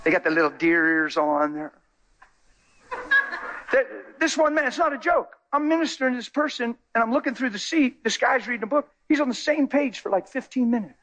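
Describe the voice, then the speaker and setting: A man's voice: extremely high pitch, animated, fairly quick, fairly bright tone. A man preaching a sermon, telling stories animatedly and acting out the people in them. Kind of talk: sermon with storytelling.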